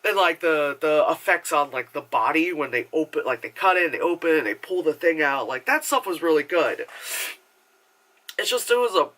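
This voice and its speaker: A slightly high, animated voice with a sharp tone moves at a moderate pace as this man rants about a movie. He's profane, chatty and loaded with filler words, voicing the characters' lines in an exaggerated way.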